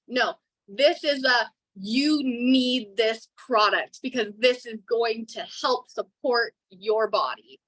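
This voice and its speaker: A woman's voice: on the high side, a little slow, fairly bright tone, no room sound, rough recording. A woman in her twenties giving an earnest, emotional testimonial in a casual online call. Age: 20s.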